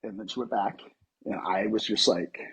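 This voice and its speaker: A man in his thirties from Colorado, an actor telling a personal story in a casual interview, animated and full of fillers. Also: on the low side, moderate pace, gravelly, breathy edge, rough recording. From Colorado, USA. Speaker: actor, podcast guest.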